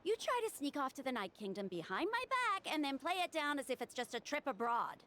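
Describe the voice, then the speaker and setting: Worried woman doctor, stern, lecturing, high voice, lively pitch, video game cutscene. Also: fairly quick. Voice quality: exasperated, lecturing. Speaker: doctor and logistics handler.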